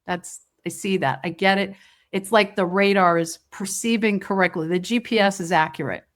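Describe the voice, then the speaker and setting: Middle-aged woman podcast host, soft coaching tone, talks right at you. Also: mid-range voice, steady tone, moderate pace. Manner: gentle, coaching, speaks directly to the listener. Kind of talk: reflective podcast monologue.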